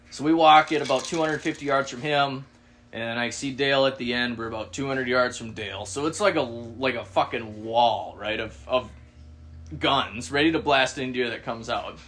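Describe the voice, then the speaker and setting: A man co-hosting a podcast, telling a casual story, swearing freely and acting out the people he quotes. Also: medium pitch. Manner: animated, swearing, acts out quoted voices. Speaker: podcast co-host.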